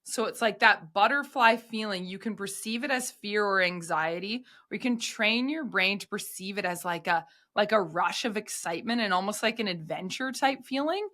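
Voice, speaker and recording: A woman who coaches gymnastics, telling stories in a casual podcast chat, animated and full of "like" fillers. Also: medium pitch, normal speed, few pauses. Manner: animated storyteller, many "like" fillers.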